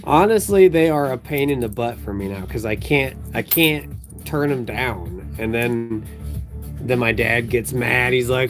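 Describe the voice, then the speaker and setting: A man's voice: medium pitch, measured pace. A man hosting a livestream while sorting coins, chatting in a loose, rambling way full of fillers and frequent laughs. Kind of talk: casual chat. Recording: music playing behind.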